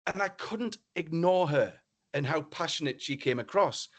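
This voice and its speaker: A middle-aged man, a business speaker, tells a story to an online audience in a lively way and acts out the dialogue with exclamations. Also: a little high, normal speed.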